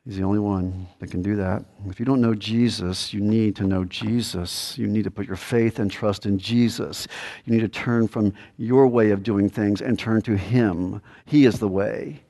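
A man's voice: fairly low pitch, steady tone, normal speed. Emphatic preaching man. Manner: emphatic, repetitive preaching that rises loud then drops to a hushed plea. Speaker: pastor. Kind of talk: sermon.

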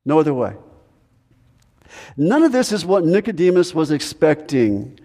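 A man's voice: fairly high pitch, very animated, dark tone. Man preaching in a reverberant church. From United States. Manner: emphatic, repetitive preaching with dramatic pauses. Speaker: pastor. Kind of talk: sermon.

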